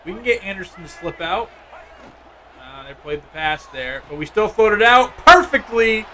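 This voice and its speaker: Excitable gaming streamer, higher voice. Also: male voice, moderate pace, slight background noise. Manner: casual, excitable play-by-play, chatting with viewers. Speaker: streamer playing a football video game. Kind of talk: live gameplay commentary.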